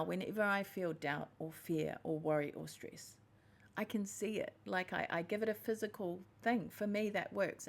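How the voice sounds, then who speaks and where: A woman's voice: on the low side, gravelly. A woman hosting a podcast, talking through a reflective personal monologue in an earnest, heartfelt way that often stops to rephrase. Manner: earnest and heartfelt, with self-repairs. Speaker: podcast host.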